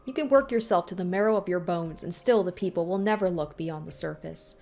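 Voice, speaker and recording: A woman's voice: on the low side, vocal fry, a little mellow, soft background music. A woman voicing a sneering old tyrant ghost. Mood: taunting. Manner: sneering, taunting, slow and menacing. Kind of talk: reading a visual novel aloud.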